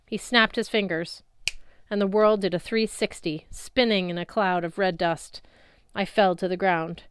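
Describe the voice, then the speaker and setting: Smooth-voiced woman reading an audiobook. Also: mid-range voice, steady tone, measured pace, dry recording, clean studio sound. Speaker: audiobook narrator. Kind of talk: first-person audiobook narration.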